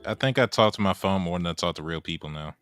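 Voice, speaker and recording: A man's voice: sits low, quick pace, fairly bright tone, faint music behind. A man in casual podcast chat, blunt and wry, swearing freely.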